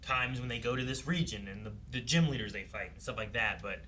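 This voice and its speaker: A man muses aloud about a show, stopping and restarting his thoughts. His tone is very bright and sharp, at a middle pitch. Faint noise hums behind him. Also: fairly quick. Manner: hesitant, lots of fillers. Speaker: reaction show co-host. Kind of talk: casual chat.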